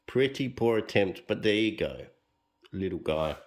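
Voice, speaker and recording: A man's voice: fairly low pitch, lively intonation, measured pace. A man with an Australian accent chatting casually and self-deprecatingly about his bonsai hobby in a backyard shed. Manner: laid-back, self-deprecating, rambling. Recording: roomy echo, mic at a distance.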